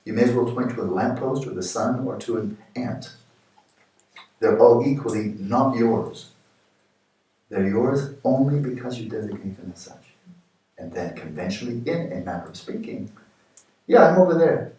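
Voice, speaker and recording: A man in his sixties giving a meditation retreat talk, explaining with playful everyday examples and sudden lively jumps in pitch. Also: normal speed. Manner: animated, playful examples, rising pitch for jokes. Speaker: meditation teacher. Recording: echoey hall from far off.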